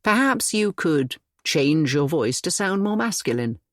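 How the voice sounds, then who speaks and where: Protective young gentleman, as a narrator puts him on, measured, mid-pitched, audiobook romance. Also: big pitch swings, dry recording, studio quality. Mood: earnest. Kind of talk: audiobook character voice.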